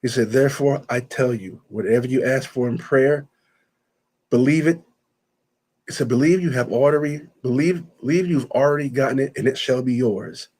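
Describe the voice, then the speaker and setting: Male interview guest, mid-pitched, emotional storyteller who retells dialogue and repeats himself. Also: moderate pace, a little mellow, husky. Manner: retells conversations in quoted speech, often repeating himself. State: choked up at times.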